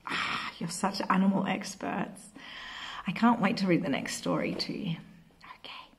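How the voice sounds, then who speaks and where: A woman with a British accent teaching a remote lesson to young children in a slow, sing-song way that often drops to a soft whisper. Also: mid-range voice, sing-song. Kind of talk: early-years remote lesson.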